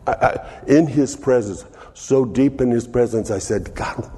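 Slow, husky pastor in an echoing hall. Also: male voice, medium pitch, mellow. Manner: slow, earnest, preacherly reading with restarts. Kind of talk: sermon, Bible reading and reflection.

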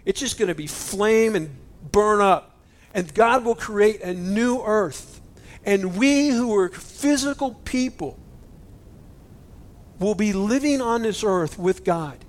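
A man preaching a sermon, animated and emotional, swinging between loud exclamations and hushed near-whispers. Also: high-pitched, takes it slowly. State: choked up with emotion. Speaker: pastor.

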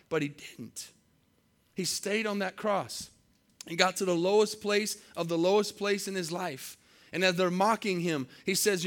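High-voiced preaching pastor. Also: male voice, normal speed, a bit bright. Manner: preacherly, calls for amens, rises to emphatic peaks. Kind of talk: sermon. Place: church service.

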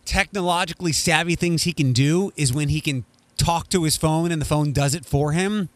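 Halting man in casual podcast chat. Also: a little high, dry recording. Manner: rambling, halting restarts. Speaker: podcast co-host.

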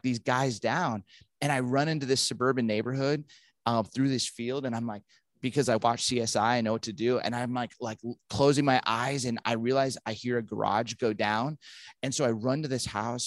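A man in his thirties or forties, a pastor, tells a personal story in an interview. He acts out every quoted line with lively energy. The recording is close and dry. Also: mid-range voice, no room sound. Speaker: pastor and author.

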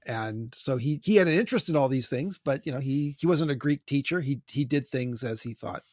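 Male podcast host, mid pitch, dry close sound, wry and wordy, trips on words. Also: fairly quick, darkish tone, dry recording. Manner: wordy, stumbles over pronunciations, wry. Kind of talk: casual book discussion, reading listener notes.

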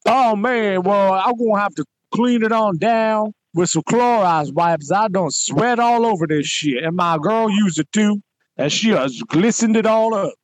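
A man's voice: a little slow, dry recording. A man voicing a brash, gym-obsessed male caller who uses crude street slang during a prank phone call. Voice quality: high-pitched put-on voice, street slang.

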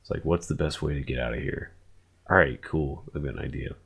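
Deep gravelly guy rambling thru a wild night story, swears a lot, does the voices. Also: brisk. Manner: animated, profane, acts out quotes. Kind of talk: casual storytelling.

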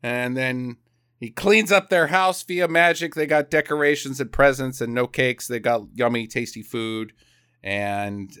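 A man's voice: mid-range voice, smooth, dry recording, studio quality. A man co-hosting a podcast, joking casually about a movie and acting out its scenes. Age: adult parent. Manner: jokey, lively, acts out scenes. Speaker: podcast co-host. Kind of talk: casual chat riffing on a movie.

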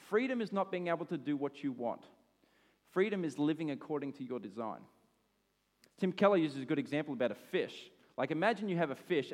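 Australian male pastor, thirties, casual animated sermon delivery, slightly high voice, echoing hall. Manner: animated and conversational, with asides and laughs. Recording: long hall reverb.

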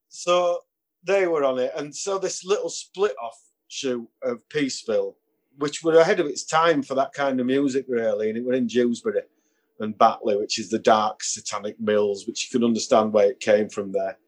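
A man spins stories from his band days in a relaxed interview. He chuckles as he goes and slips into the voices of the people he quotes. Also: medium pitch, normal speed. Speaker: musician guest. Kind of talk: casual storytelling interview.

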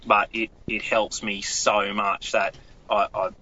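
A man's voice: on the low side, little pitch movement, slow, sharp tone, breathy edge. A young Australian man, a pro angler and guest, talking earnestly in a rambling way with many restarts. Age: young adult. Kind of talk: casual interview talk. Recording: slightly dull audio.

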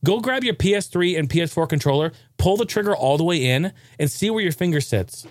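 Excitable, profane gaming host man. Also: fairly high pitch, a little fast. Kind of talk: casual ranting commentary.

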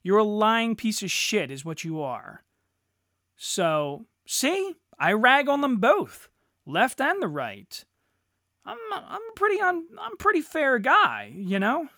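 A man's voice: high-pitched, huge pitch swings, slow, sharp tone, no echo, clean studio sound. A middle-aged man hosting a solo podcast, ranting crudely and sarcastically with heavy swearing. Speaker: podcast host. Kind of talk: profane solo rant.

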